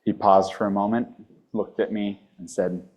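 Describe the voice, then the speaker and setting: Measured man telling a story. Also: on the low side, level tone, a little mellow. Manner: measured, pausing instead of using fillers. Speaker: student speaker. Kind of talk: telling a personal story on stage.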